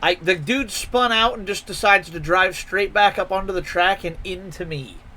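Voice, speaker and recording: A man's voice: high voice, normal speed, sharp tone. Laid-back man streaming a race. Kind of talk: casual chat while gaming.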